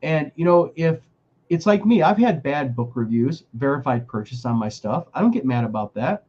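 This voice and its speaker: A man's voice: mid-range voice, expressive, normal speed, a little mellow, slightly rough, dull audio. A man co-hosting a casual chat show, talking emphatically with many restarts. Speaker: podcast co-host.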